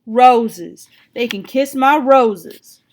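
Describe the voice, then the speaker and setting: A woman's voice: a little high, extremely slow, voice pushed up. A woman reading aloud, voicing a blunt, protective father who talks in a casual, plainspoken way.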